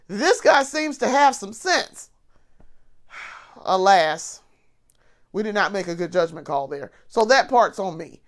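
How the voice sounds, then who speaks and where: A woman's voice: mid-range voice, animated, unhurried, pauses often. A woman vlogger ranting bluntly while sick and congested, swearing freely and restarting her sentences. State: sick with covid, congested and coughing. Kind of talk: casual vlog rant.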